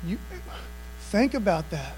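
A man's voice: high voice, very animated, slow pace, darkish tone, slight background noise, low-quality recording. A man preaching a sermon, emphatic and casual, often checking in with "amen" and "man.". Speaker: pastor.

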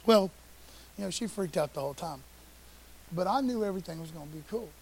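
A middle-aged man preaching a sermon in a conversational way, dropping into casual slang and swinging from loud to hushed. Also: high voice, expressive, fairly quick, breathy edge, rough recording. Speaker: pastor. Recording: faint hiss.

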